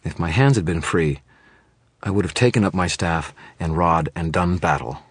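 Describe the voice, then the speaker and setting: A man's voice: low-pitched, normal speed, breathy edge, no echo. A man narrating a first-person thriller audiobook in a tense, urgent manner.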